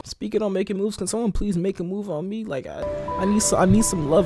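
A woman's voice: mid-range voice, fairly quick. A woman hosting a reaction video, joking and talking back at the screen in casual commentary. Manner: animated, joking, talks to the screen. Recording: voice over show audio and music. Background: music and show audio.

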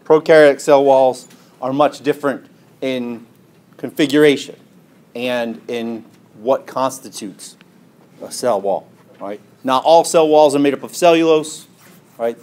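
A man's voice: medium pitch, measured pace, a little mellow. Man lecturing, drawing as he explains. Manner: asks questions and answers them, tags lines with "right?" and "okay?"; drawing on a board while explaining. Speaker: biology lecturer. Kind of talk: classroom lecture.

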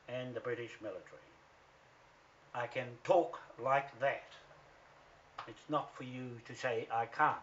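A man with a New Zealand accent delivers a defiant, accusatory rant straight to camera. His voice is forceful and tense, and he swears freely. The recording sounds dull and lo-fi. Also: medium pitch, slight background noise. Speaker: activist vlogger. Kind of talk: angry direct-to-camera rant.

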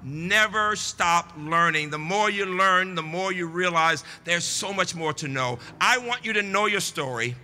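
A man's voice: sits high, measured pace, few pauses, pushed and bright, long reverb tail. An older man giving a commencement address, emphatic and preacher-like, repeating lines for the crowd under a large tent. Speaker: commencement speaker. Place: large tent at an outdoor ceremony.

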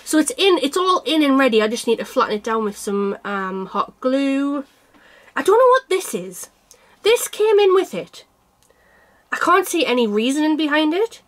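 Woman chatting about her stitching, high voice, joking at herself, a bit poorly. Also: big pitch swings, normal speed. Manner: chatty and self-mocking, laughs often. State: unwell with a cold. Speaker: cross-stitch vlogger. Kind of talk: casual chat to camera.

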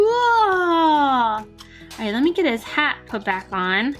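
A woman's voice: high voice, very animated, takes it slowly, soft background music. A woman narrating a toy unboxing for children, gushing and gasping sweetly at each surprise.

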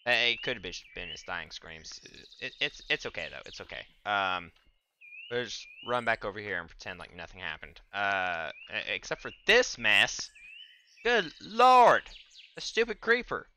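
A young man streaming a game in casual commentary, stammering and restarting his words, often breaking into loud trash talk at the monsters. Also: low-pitched, normal speed, slight background noise. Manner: trash-talks the game's monsters, loud bursts of exasperation.

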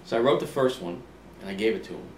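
A man in his sixties, an author being interviewed, talks fast in a lowish voice, telling relaxed anecdotes and acting out old conversations with frequent ums and restarts. The recording sounds roomy, with a distant mic and a faint ambient hum.

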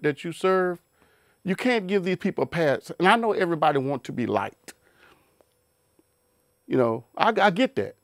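A man with a somewhat high voice, recorded close and dry with no room sound. He preaches in a loose, conversational way, repeats himself, restarts often, and asks his listeners pointed rhetorical questions. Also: no echo. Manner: repetitive, emphatic, with rhetorical questions and many restarts. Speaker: Bible teacher. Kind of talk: informal preaching talk.

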